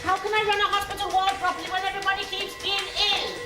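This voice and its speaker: A woman's voice: very high voice, level tone, fast talker, music in the background. An actress playing an exasperated ward sister in a sitcom, grumbling as she talks. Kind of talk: sitcom acting.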